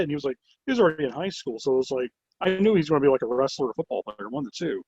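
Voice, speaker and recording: A man who owns a wrestling promotion, telling stories in a casual interview with an animated, rambling manner and many filler words. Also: mid-range voice, racing, vocal fry, slightly rough, no echo. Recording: dull lo-fi recording.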